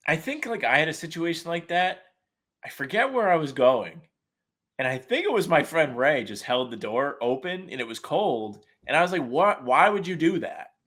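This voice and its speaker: A young man co-hosting a sports podcast, talking in a relaxed, opinionated, rambling way. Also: a little high, normal speed. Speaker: podcast co-host. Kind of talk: casual podcast chat.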